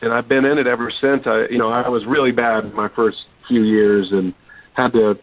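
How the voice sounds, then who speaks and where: A man in his forties from Texas, a sports broadcaster telling his story in a relaxed interview with lots of ums and restarts. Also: mid-range voice, a little fast, no room sound. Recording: dry, tinny phone-line sound.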